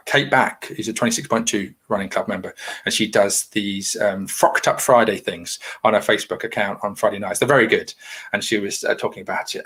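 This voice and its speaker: A man's voice: lowish voice, a bit bright, husky. Chatty man hosting a livestream. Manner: rambling, reassuring, chatty. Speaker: livestream host. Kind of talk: casual chat reading viewer comments.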